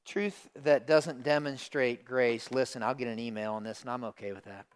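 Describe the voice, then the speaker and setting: A middle-aged man preaching a sermon as pastor, swinging from hushed asides to loud emphatic lines. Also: medium pitch, fairly even intonation, normal speed, clear, resonant tone.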